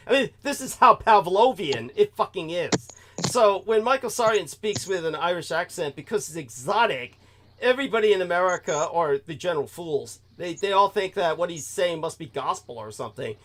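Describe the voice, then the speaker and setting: A man's voice: high voice, lively intonation, moderate pace, fairly bright tone. A man hosting a talk show, rambling through a profane, digressive monologue and laughing at his own remarks. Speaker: host.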